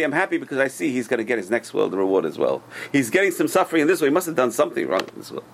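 A man teaching a Torah class, telling stories in an animated way and swinging between loud and hushed delivery. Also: mid-range voice, racing, gravelly, hardly any pauses, slight background noise. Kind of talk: storytelling sermon.

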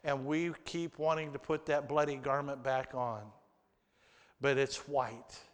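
Slow, emphatic preacher in a reverberant hall. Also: male voice, medium pitch, steady tone. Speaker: pastor. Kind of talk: sermon with scripture reading.

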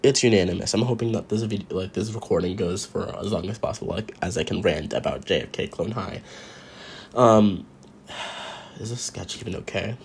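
Male podcast host, slightly low voice, wry rambling monologue, keeps cutting himself off. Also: normal speed, creaky, husky. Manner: rambling, self-interrupting, wry and sarcastic. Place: at home while drawing.

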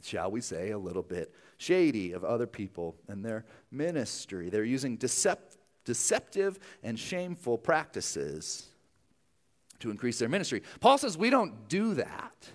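A man's voice: mid-range voice, sing-song, measured pace. A young adult male pastor preaching a sermon in a conversational, self-deprecating way, full of asides.

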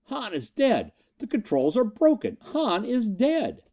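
A frantic, clipped gentleman crying out in alarm, as a male narrator puts him on. The voice jumps high above the reader's own, with a mellow, rounded timbre and lively swings in pitch. This is an audiobook reading. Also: measured pace, husky, full character voice. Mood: panicked. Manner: frantic, clipped, proper "I say" speech. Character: panicked gentlemanly man aboard a falling spaceship.

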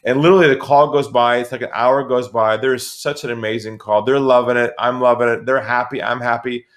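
A middle-aged man from California, a guest on an interview podcast, telling a sales story in a lively, animated way. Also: mid-range voice, fairly quick. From San Diego, California. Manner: animated storyteller who acts out quoted voices. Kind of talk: conversational storytelling.

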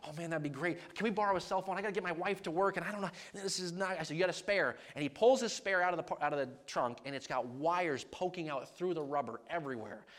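A man preaching as a traveling evangelist, telling a personal story and acting out the dialogue with lively energy. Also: a little high, fast, hardly any pauses. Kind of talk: storytelling sermon.

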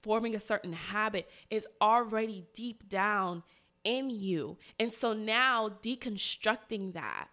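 Bright-voiced woman podcaster, earnest. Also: mid-range voice, lively intonation, slow pace. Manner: earnest, conversational, frequent "right?" and "like". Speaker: podcast host. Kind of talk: casual solo podcast talk.

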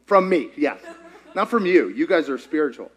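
Male pastor, high voice that swings wide, playful, questions the room. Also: normal speed, breathy edge. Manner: animated, quizzes the congregation and acts out quotes. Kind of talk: sermon.

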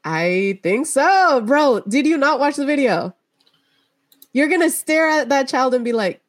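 A woman's voice: high voice, expressive, unhurried, no echo. A woman co-hosting a podcast in casual chat, talking bluntly and animatedly and laughing between jokes. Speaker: podcast co-host.

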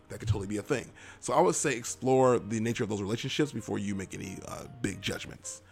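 A man's voice: on the low side, fast, vocal fry, hardly any pauses, a little mellow, slightly rough. A man hosting a podcast, giving loose, rambling advice and then freestyle rapping, self-mocking as he goes. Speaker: podcast host. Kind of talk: casual advice talk and freestyle rap. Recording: hip hop beat playing underneath.

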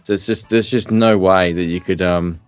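A deep, low-pitched man in his middle years, talking fishing on a podcast. His speech rambles through fillers and restarts, but he is blunt and direct. The recording is dry and close, with faint music underneath. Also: steady tone, normal speed, clean tone, dry recording. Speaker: podcast co-host. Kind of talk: casual chat.

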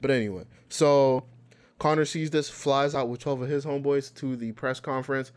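A man's voice: mid-range voice, moderate pace. A man in casual chat, animatedly retelling a story and acting out what people said. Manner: animated storytelling, acts out quotes.

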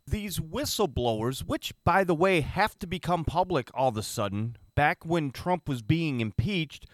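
An emphatic male commentator with a slightly high voice that swings widely in pitch as he argues his point. Dry, close recording with no room sound. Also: no room sound. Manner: emphatic, opinionated. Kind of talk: opinion commentary.

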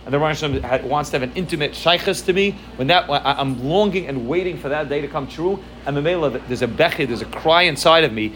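A man's voice: on the high side, quick pace, few pauses, fairly bright tone, slight background noise. A man teaching a religious class, earnest and repeating words as he searches for his phrasing. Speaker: Torah teacher.

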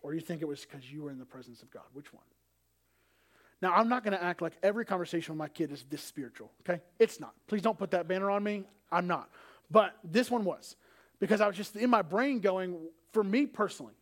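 A pastor in his thirties delivers a sermon at a quick clip. His voice sits high for a man, and he slips into lively little performances of his family's conversations. It is storytelling from the pulpit, brisk and expressive. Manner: animated storytelling, acting out family dialogue.

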